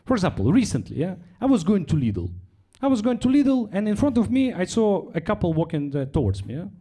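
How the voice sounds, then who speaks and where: Young Russian-accented comic, high, animated delivery, drops into a flat low voice for quoted lines. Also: male voice, brisk, husky. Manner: chatty, tags lines with "yeah?". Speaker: stand-up comedian. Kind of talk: stand-up set. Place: comedy club stage.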